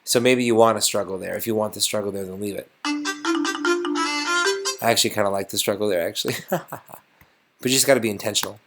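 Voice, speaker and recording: A man's voice: fairly low pitch, steady tone, brisk, long pauses. A man teaching a casual music lesson, thinking aloud and getting enthusiastic as he composes.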